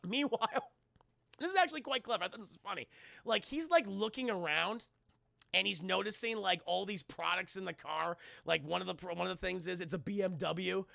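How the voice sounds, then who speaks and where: A man giving a casual spoiler review of a film to his live stream chat, talking in an animated, profane way and laughing often. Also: high voice, a little fast, gravelly, dry recording.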